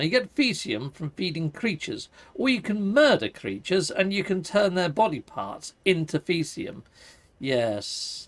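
A man streams his game with running commentary, swearing in playful minced oaths and calling his viewers people. His voice sits slightly high with a gravelly edge, and his pitch swings widely from line to line. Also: a bit bright. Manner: chatty, mock-swearing, addresses viewers as people. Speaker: gaming streamer.

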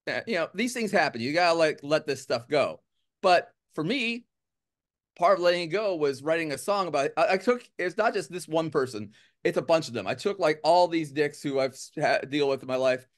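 A man's voice: on the high side, expressive, brisk. A man from the United States, a musician guest, chatting casually in an interview with a rambling, joking, self-deprecating manner.

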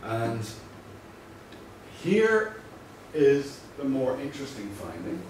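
Man, lecturer, measured explanation, distant mic, very echoey room, faint background noise. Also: mid-range voice, huge pitch swings, a little mellow. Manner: measured and explanatory, stressing key points. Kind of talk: university lecture.

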